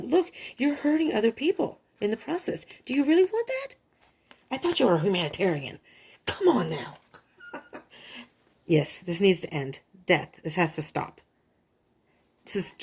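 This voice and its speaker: Husky, gravelly-voiced woman tarot reader. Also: lowish voice, sing-song, moderate pace, a little mellow. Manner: emphatic, repeats warnings, chatty asides. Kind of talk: monthly tarot card reading.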